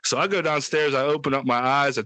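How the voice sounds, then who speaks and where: Talking fast in a mid-range voice over a dry recording, this man spins a wild tale on a casual podcast he co-hosts. He cusses freely, stays animated, and raises his voice to act out quotes.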